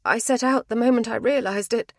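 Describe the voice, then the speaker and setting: Woman voicing anxious gentlewoman, direct, urgent, raised tone, dry close recording. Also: fairly high pitch, fairly quick, no room sound, voice pushed up.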